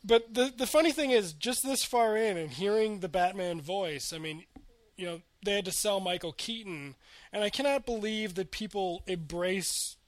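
A man with a fairly high voice recorded close and dry. He co-hosts a film commentary, chiming in with short wry asides. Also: moderate pace, no room sound.

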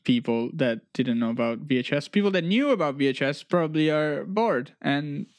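A man co-hosting a podcast in casual banter, playful and excitable, often repeating his words. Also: a little high, moderate pace, dry recording. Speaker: podcast co-host.

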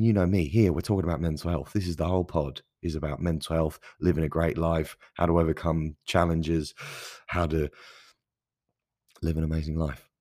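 A man's voice: low-pitched, breathy edge, no room sound, studio quality. A man in his thirties hosting a solo podcast, talking in an earnest, enthusiastic, conversational way. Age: 30s. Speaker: podcast host.

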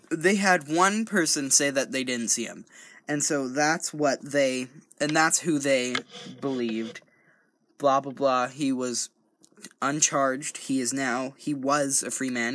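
A man's voice: mid-range voice, fairly even intonation, slow, a bit bright. Rambling man reading a true-crime story. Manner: stumbling, self-correcting, rambling. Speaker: true-crime reader and commentator. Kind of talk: casual reading aloud with jokey asides. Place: home recording studio.

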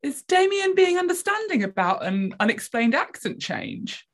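A woman co-hosting a casual podcast discussion of a TV episode, giving expressive, opinionated reactions. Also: high voice, normal speed. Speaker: podcast co-host.

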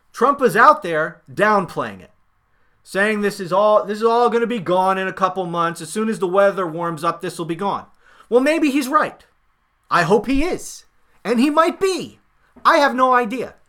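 A man hosting a political podcast, talking in a sarcastic, emphatic monologue with swings in loudness. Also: sits high. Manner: sarcastic, mocking paraphrases of others; emphatic, rising and falling loudness. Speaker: podcast host.

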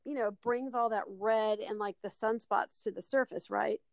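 A woman hosting her own podcast in casual chat, excitable and rambling, dropping lots of "like"s and the odd swear word. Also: mid-range voice, moderate pace, creaky, no room sound. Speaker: podcast host.

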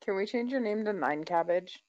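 A woman's voice: mid-range voice, animated, moderate pace, a little mellow, muffled recording, slight background noise. A woman playing in a tabletop game, teasing the others and laughing often. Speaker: player.

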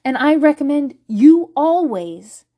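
A middle-aged woman with a slightly high voice talks straight to her viewers in a candid, unscripted monologue. She is blunt and swears freely, scattering filler words as she goes. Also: very animated, slow pace, mellow. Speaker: parent vlogger.

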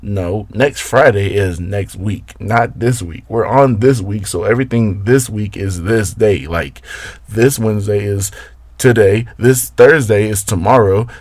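A man's voice: lowish voice, no room sound. A man hosting a casual solo podcast, rambling and swearing as he talks straight to his listeners. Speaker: podcast host.

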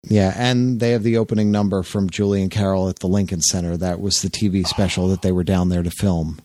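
A man hosting a podcast, chatting casually and retelling an anecdote with lively jumps into quoted voices. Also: brisk, dry recording. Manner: animated storyteller, jumps up in pitch for quoted voices. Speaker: podcast host.

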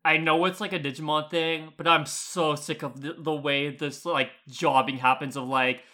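A man in casual podcast chat with a bright, forceful voice. He rants in good humor, teasing and joking with his co-hosts. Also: fairly high pitch, steady tone, moderate pace. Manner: exasperated, jokey, mocks lines in silly voices. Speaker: podcast co-host.

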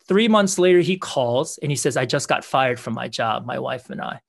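A pastor with a medium-pitched, creaky voice, speaking at normal speed and very expressive, shares prayer testimonies in conversation. He's earnest, repeats words, and acts out what people said.

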